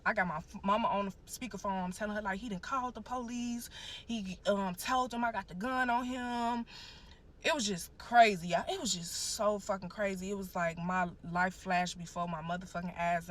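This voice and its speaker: A woman's voice: fairly low pitch, fairly bright tone. A young woman animatedly telling a personal story in casual, profane speech, often calling out to listeners as y'all. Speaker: guest telling her story. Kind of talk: emotional storytelling.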